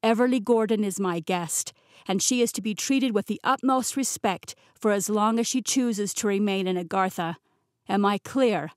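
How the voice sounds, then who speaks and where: A woman's voice: medium pitch, moderate pace, no echo, studio quality, lightly acted. A woman voicing a playful young king. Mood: commanding. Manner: easygoing, turns stern and loud when giving orders. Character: young male interim king, playful but commanding. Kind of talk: audiobook character voice. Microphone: close studio mic, dry.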